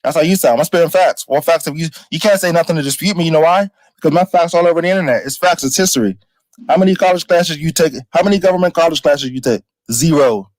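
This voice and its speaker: Fast-talking combative man. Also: a little high, no room sound, low-quality recording. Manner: insulting, combative, repeats himself. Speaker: panel debater. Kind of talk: heated argument.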